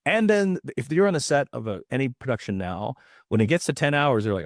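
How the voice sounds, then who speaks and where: Low-voiced american guy in his 50s, super animated storyteller, dry room. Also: brisk, dry recording. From United States. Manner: animated, acts out voices while telling stories. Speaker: actor, podcast guest. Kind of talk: casual interview storytelling.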